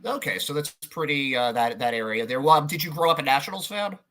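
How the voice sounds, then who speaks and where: A man's voice: on the high side, fast, a bit bright. A man hosting a sports podcast, chatting casually with a guest, with lots of fillers and restarts. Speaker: podcast host. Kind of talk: casual interview chat.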